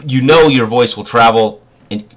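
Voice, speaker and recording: A man's voice: mid-range voice, normal speed, fairly bright tone. A man running a tabletop role-playing game as game master, describing scenes with many fillers and restarts.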